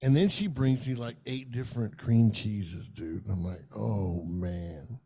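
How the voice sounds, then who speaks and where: A man's voice: lowish voice, a little slow, dark tone, husky. A middle-aged man, telling a long, profane, rambling story in casual podcast chat. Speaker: podcast co-host.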